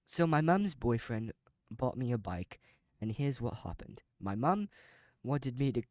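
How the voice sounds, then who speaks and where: Man, mid-pitched, close dry mic: casual reaction-video host who reads posts and riffs on them with a chuckle. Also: big pitch swings, unhurried, a little mellow, no echo. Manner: reads aloud then comments off the cuff, chuckling.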